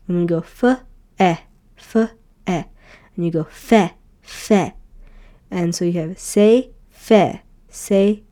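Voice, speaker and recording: Woman, teacher, beginner lesson, patient, repeats sounds, mellow tone. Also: lowish voice. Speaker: Hebrew teacher.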